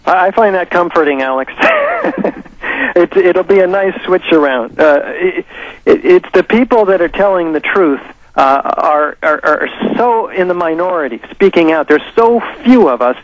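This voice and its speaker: A man with a slightly high-pitched voice speaks as a guest on a talk radio show. He talks haltingly, stopping and restarting as he gathers his thoughts. The sound is dry and close. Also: sing-song, no room sound, highs cut off. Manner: halting, with many fillers and restarts. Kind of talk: conversational radio interview.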